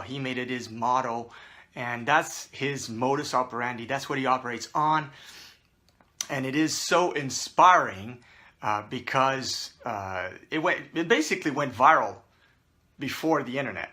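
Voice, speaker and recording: Male host, bright forceful voice, chatty rambling commentary, lots of fillers. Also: mid-range voice. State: out of breath. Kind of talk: casual to-camera commentary.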